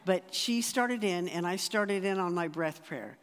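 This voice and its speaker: Here the sermon comes as a personal anecdote from someone speaking at a church or retreat, in a medium-pitched voice that moves a little slowly with few pauses. The delivery is conversational with frequent restarts, recorded in a reverberant hall.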